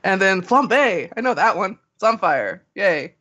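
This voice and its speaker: A woman's voice: mid-range voice, expressive, unhurried, fairly bright tone, highs cut off. A woman guesting on a podcast, recapping a comic in an offhand, self-mocking way. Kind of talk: casual chat, recapping a comic.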